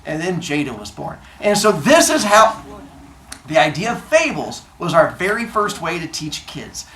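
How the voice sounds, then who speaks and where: A woman's voice: fairly low pitch, very animated, moderate pace, a bit bright. A woman teacher telling a class a story in a playful, joking way, in a classroom. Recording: echoey classroom.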